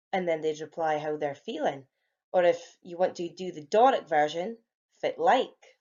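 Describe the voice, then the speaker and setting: A young woman, a primary teacher, patiently explaining grammar to young children at a whiteboard. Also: mid-range voice. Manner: clear, patient, encouraging classroom explaining. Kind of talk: home learning grammar lesson for young children.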